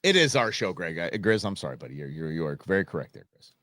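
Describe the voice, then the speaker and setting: A man hosting a live stream show, ranting and joking in a casual, animated way. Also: sits low, quick pace, no echo, studio quality. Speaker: host. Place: Phoenix.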